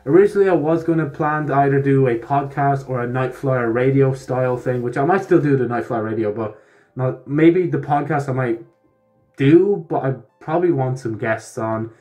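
A man's voice: medium pitch, moderate pace, warm tone, faint music behind. A young man, talking through a casual vlog update in a rambling way, with laughs and restarts. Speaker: vlogger.

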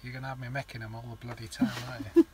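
A man's voice: medium pitch, huge pitch swings, fast talker, crowd noise, low-quality recording. A man in a camper van joking and mock-grumbling while he cooks on camera. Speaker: vlogger cooking in a camper van. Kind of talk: casual chat. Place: camper van outdoors at a campsite.

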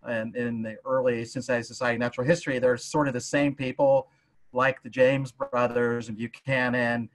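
A man's voice: medium pitch, flat delivery, brisk. Man, curator, casual livestream chat, hesitant, lots of ums and uhs. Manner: hesitant, many filler sounds. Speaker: museum curator.

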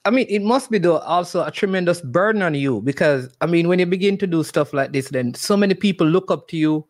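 A man's voice: high voice, lively intonation, fairly quick. A Jamaican man hosting an interview, speaking in a reflective, conversational way. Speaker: interview host.

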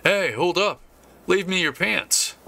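A man's voice: takes it slowly, gravelly, sharp tone, slight background noise, heavily acted. A man putting on a whiny pantsless young guy. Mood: demanding. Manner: high, wheedling pleas.

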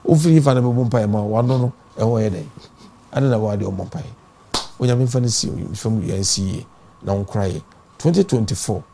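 Dark husky-voiced Ghanaian pastor. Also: male voice, on the low side. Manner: preacherly, rises into emphatic bursts. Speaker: pastor and party founder. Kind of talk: impassioned talk-show interview.

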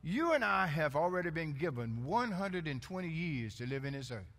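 A man's voice: on the high side, big pitch swings, moderate pace, fairly bright tone. A male pastor preaching a sermon with call-and-response, playful and laughing with the congregation.

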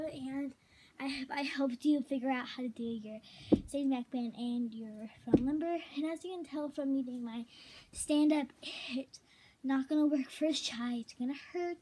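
Hohe, plaudernde Frauenstimme im Vlog. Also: female voice, high-pitched, noisy background. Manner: rambling, drops into soft whispery asides. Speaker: vlogger teaching gymnastics. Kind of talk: casual chatty tutorial vlog.

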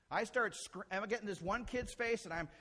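A middle-aged man preaching a sermon as a pastor, animated, acting out quotes and shifting from loud to soft. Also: high voice, normal speed, a little hiss or hum.

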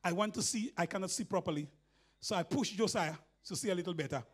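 A man with a Grenadian accent preaching a sermon in church, telling a story with laughter and building to shouts. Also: high voice, fast, slightly rough.

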